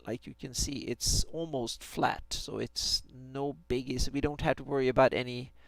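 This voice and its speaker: Creaky-voiced man mapping on stream. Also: medium pitch, steady tone, moderate pace, dry recording. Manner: hesitant, many restarts and fillers. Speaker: fantasy map maker streaming his work. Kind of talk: thinking aloud on a live stream while drawing a map.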